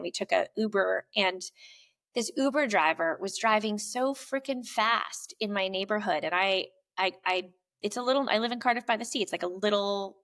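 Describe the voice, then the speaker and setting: A woman's voice: mid-range voice, creaky, fairly bright tone. A woman guest on an interview podcast, talking candidly and animatedly, swearing freely and acting out what people said. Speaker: podcast guest, poet and coach. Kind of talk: casual conversational interview. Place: lives in a small coastal town in California.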